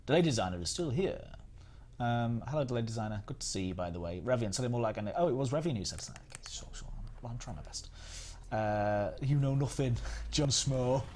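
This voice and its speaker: A man's voice: medium pitch, animated, quick pace, a little mellow, a little hiss or hum. A man with a Northern English accent hosting a casual gaming live stream, rambling and chatting while reading out viewer comments. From England. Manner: rambling, chatty, reads chat aloud.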